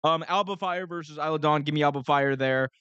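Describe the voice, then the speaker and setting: A young adult man hosting a live stream, talking in an energetic, rambling way and often correcting himself. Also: on the high side, brisk, smooth, no room sound, lo-fi sound. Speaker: host.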